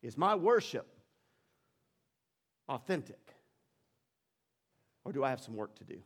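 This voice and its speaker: A man pastor preaching a sermon, telling Bible stories with animated energy and building intensity. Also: a little slow. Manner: animated storytelling, rising in pitch and volume during dramatic retellings.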